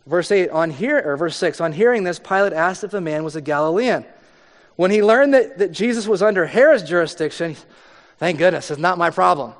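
A man preaching a conversational sermon, reading scripture and explaining it, sometimes acting out the people in the story. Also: on the high side. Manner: conversational preaching, acts out voices with rising intensity. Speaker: pastor. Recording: long hall reverb.

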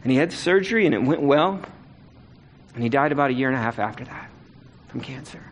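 A man's voice: medium pitch, expressive, fairly quick, a little hiss or hum. Earnest man preaching a sermon. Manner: earnest storytelling, rising to emphatic repeated exhortation. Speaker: pastor.

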